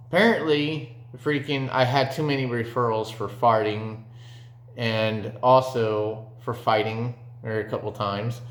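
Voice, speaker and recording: Rambling young man telling a story. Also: mid-range voice. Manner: rambling, lots of fillers and profanity. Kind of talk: casual storytime monologue. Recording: echoey room.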